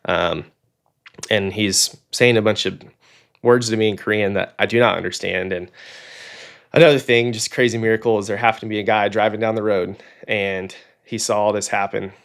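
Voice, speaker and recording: Deep gravelly man telling a story. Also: normal speed. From Oklahoma. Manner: animated storyteller, acts out quoted dialogue, frequent "like" and "um". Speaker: podcast guest, fighter pilot. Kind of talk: casual interview storytelling.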